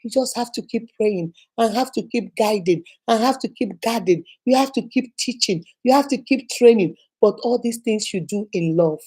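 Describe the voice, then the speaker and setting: A woman's voice: on the high side, moderate pace, few pauses, a little mellow, slightly rough. A woman hosting an inspirational channel, giving an emphatic, repetitive, preacher-like motivational talk and acting out quoted speech.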